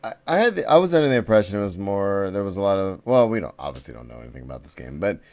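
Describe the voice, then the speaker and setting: A man's voice: sits low, big pitch swings, very fast, darkish tone. A man co-hosting a casual podcast, rambling with restarts and fillers. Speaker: podcast co-host. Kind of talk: casual chat.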